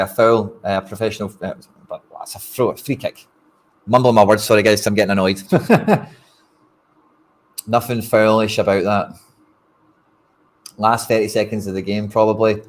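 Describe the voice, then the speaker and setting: A Scottish man giving casual, frustrated live commentary on a football match to his stream viewers, talking bluntly and straight to the audience. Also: on the low side. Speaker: fan streamer hosting a watch-along.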